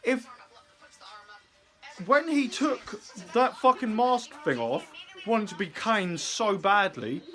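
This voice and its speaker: A man's voice: high voice, sharp tone. Ranting, profane man. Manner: angry, profane, mocking. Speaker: vlogger. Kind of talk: ranting commentary to camera.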